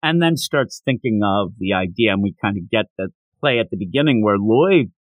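A podcast host speaking on the low side at a moderate pace retells a manga chapter in casual chat, animatedly quoting its characters. The recording is dry and the audio poor.

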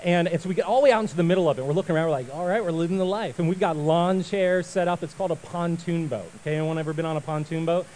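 A male pastor giving a sermon, telling a story with lively acted-out voices before turning to prayer. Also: fairly high pitch, very fast, hardly any pauses, a little hiss or hum, poor audio. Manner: animated storyteller, acts out voices and shouts.

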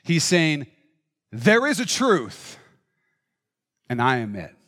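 A man preaching a sermon with passion, swinging between loud declarations and hushed, intimate lines. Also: a little high, huge pitch swings, takes it slowly. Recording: long hall reverb.

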